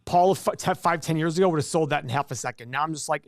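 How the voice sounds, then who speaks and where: A man's voice: on the high side, fast talker, no room sound, studio quality. A man hosting a casual investing livestream, chatting and joking with viewers and often restarting his sentences. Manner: chatty, jokey, self-interrupting. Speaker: livestream host.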